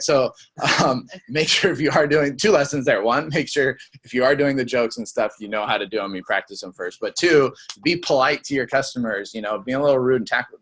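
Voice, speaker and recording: A young man giving a casual sales training talk, acting out quick lines of customers and reps as examples. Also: medium pitch, fairly bright tone. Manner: conversational, acts out customer and rep lines.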